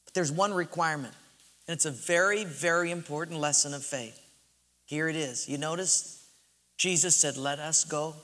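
A male pastor preaches a sermon at normal speed in a slightly high voice, with hall reverb. He tells stories dramatically, swinging between loud bursts and hushed asides.

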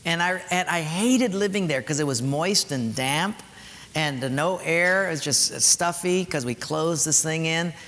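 A man's voice: a little high, unhurried, a bit bright. A man preaching a sermon, telling a personal story with emphatic turns. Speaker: pastor. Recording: echoey hall, faint noise.

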